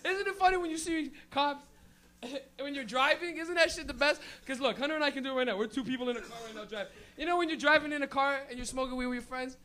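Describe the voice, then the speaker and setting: High-voiced young Canadian stand-up, bright. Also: male voice, fast talker. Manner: loud, rambling, laughing at own jokes. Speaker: stand-up comedian. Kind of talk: stand-up set. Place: comedy club, live audience.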